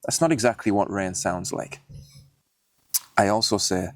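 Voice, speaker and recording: A man's voice: lowish voice, a little slow, pauses often, dry recording. A young man hosting a writing video, explaining mistakes in his old story in a plain, self-critical way. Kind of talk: casual teaching monologue.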